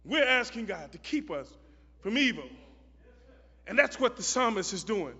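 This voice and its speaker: A man preaching a sermon who repeats phrases for emphasis and builds up to shouted, chanted lines. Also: high voice, very animated, moderate pace, husky. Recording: muffled recording in a reverberant hall.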